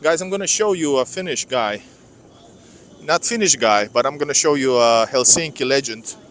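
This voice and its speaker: In a casual live street vlog, a man walks a city in winter and rambles to his viewers, chatty and calling them "guys." His mid-range voice is expressive and a bit bright, at a moderate pace, picked up by a clip-on mic.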